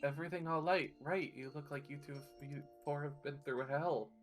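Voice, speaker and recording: A man's voice: fairly high pitch, fairly even intonation, fairly quick, faint music behind, lightly acted. A man voicing a concerned townswoman in a plain, matter-of-fact way.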